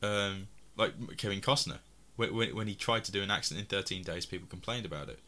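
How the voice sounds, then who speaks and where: A lower-pitched man from England with a bright, forceful tone. He talks casually about films, rambling and restarting as he goes. He laughs often between points. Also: a little fast, a little hiss or hum. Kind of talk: casual film discussion.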